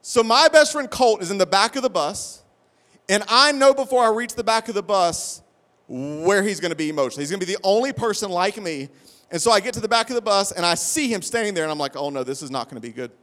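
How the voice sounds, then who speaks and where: A man preaching a sermon, telling a funny, self-deprecating story in an animated way. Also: high voice, fast. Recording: long hall reverb.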